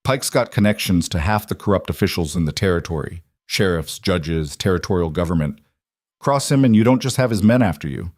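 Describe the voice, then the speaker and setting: A man's voice: low-pitched, expressive, fairly quick, a little mellow, no echo, clean studio sound. A man voicing Wade, a hard, protective frontier rancher father who talks curtly in an audiobook story. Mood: stern. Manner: curt and stern.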